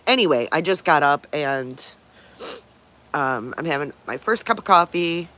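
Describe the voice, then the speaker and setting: A livestream host in easy morning chat, with a voice of middling pitch. The talk rambles from story to story and stops often to greet viewers by name. Every now and then the host breaks off to coo at pet dogs. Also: expressive, unhurried, bright, forceful tone. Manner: chatty, greets viewers by name between stories.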